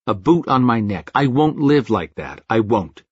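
A man reading a first-person audiobook in a dry, deadpan storytelling manner. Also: medium pitch, normal speed, breathy edge, no echo. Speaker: audiobook narrator. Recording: dull lo-fi recording.

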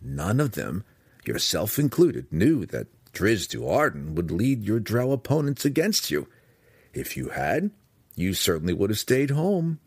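A man reading aloud, voicing an earnest young male dark elf warrior who speaks with pressing intensity. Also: lowish voice, wildly swooping pitch, measured pace, breathy edge, no echo, clean studio sound, full character voice. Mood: intense.

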